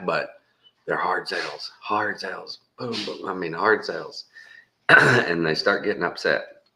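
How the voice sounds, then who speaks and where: A man's voice: deep voice, a little slow, bright, forceful tone, slight background noise. A Texan man in his fifties telling a rambling, folksy story with frequent chuckles. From Texas. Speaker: vlogger. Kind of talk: casual storytelling.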